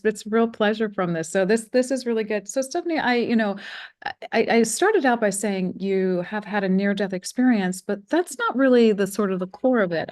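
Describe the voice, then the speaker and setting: A middle-aged woman from the United States hosting a spiritual interview, speaking gently with fillers and restarts. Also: medium pitch. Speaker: interview host.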